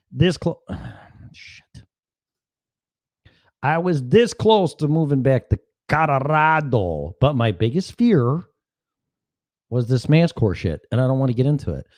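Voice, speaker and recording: A man's voice: medium pitch, darkish tone, no echo. A man hosting a casual solo livestream, rambling and sarcastic, swearing freely and jumping from topic to topic. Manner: rambling, sarcastic, profane, jumps between topics. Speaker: podcast host.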